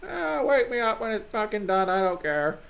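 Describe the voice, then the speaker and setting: A cranky old woman who runs a space colony council, as a man puts her on in a high falsetto. She makes grand speeches with a gravelly edge and snaps at everyone in between. This is a video game playthrough voice. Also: big pitch swings, moderate pace, fairly bright tone, full character voice. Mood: grumpy. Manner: pompous speechmaking, grumpy outbursts.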